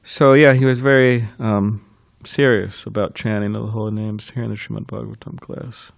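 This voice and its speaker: A man giving a temple scripture class, telling stories in an informal way and laughing softly between thoughts. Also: on the low side, little pitch movement, moderate pace, gravelly, dry recording, studio quality. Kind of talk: reminiscing temple class talk.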